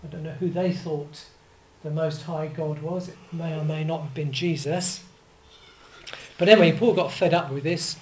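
An older preacher delivers a sermon in an easy, conversational way. The voice sits at a middle pitch. The talk wanders into asides, restarts and little corrections, with faint noise in the background. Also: low-quality recording.

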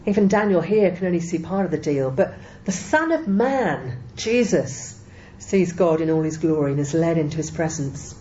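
Woman preacher, low mellow voice, measured emphatic sermon delivery, dull lo-fi recording with faint hiss. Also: expressive. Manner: measured, emphatic Bible teaching with quoted scripture.

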